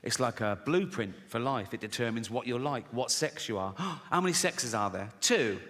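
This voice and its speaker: A man's voice: medium pitch, expressive, moderate pace. A man in his sixties with an English accent doing stand-up comedy, sardonic, acting out voices and asking "right?" after his punchlines. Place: large theatre with audience. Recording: live hall reverb, faint room noise.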